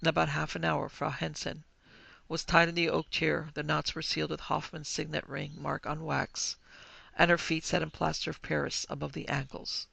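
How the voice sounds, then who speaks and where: A male podcast host with a very gravelly, fairly high voice, narrating a ghost story in an even, measured way. His pitch stays flat, and the recording is dry and close to the mic. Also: dry recording.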